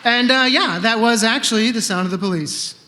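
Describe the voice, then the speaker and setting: A man's voice: very high-pitched, brisk, bright, forceful tone, big-room sound, slight background noise. A man in his fifties telling a true story on stage in a conversational, wry way, acting out bits of dialogue. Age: 50s. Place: live event stage in a hall.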